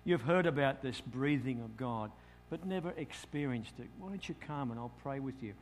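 A middle-aged Australian man, a pastor telling a lively story in a sermon and acting out his own thoughts. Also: medium pitch, normal speed, slight background noise.

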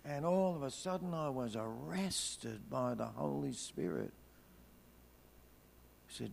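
A man preaching a sermon, telling a personal story with energy, then dropping into hushed, slow prayer. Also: medium pitch, gravelly. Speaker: pastor.

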